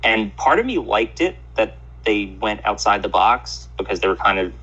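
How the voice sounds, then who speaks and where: Forceful low-voiced man, joking. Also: moderate pace, slightly rough. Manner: joking, animated storytelling. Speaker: podcast co-host. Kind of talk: casual chat. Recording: lo-fi remote call audio.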